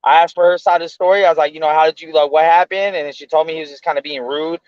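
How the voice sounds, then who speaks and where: A man in his thirties co-hosting a casual show, telling a story in animated, slangy speech with lots of swearing. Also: fairly high pitch, racing, clean tone, dry recording, muffled recording. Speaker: podcast co-host.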